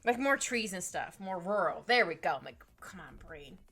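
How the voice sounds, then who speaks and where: A woman chatting casually with her stream while she draws, rambling, giggly and easily excited. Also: fairly low pitch, moderate pace, breathy edge, faint music behind. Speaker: streaming artist.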